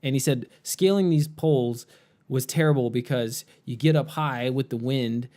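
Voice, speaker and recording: A man co-hosting a casual podcast, with a mellow, warm tone. He retells things at length, often restarting his sentences mid-thought. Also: medium pitch, moderate pace. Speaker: podcast co-host.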